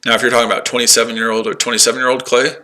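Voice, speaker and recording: A man's voice: mid-range voice, little pitch movement, very fast, sharp tone. A man in his forties talking casually on a livestream, combative and taunting, repeating himself. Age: 40s. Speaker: livestream host.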